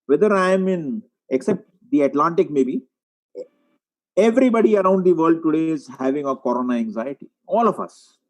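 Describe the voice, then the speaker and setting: A man giving a webinar lecture as a psychiatrist, walking through case examples and often clearing his throat. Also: fairly high pitch, expressive, normal speed, low-quality recording. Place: online webinar.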